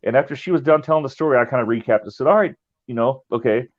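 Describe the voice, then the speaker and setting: A man's voice: medium pitch, racing, muffled recording. A man telling a ghost-hunting story in casual podcast chat, with lots of restarts and quoted dialogue. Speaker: paranormal investigator guest.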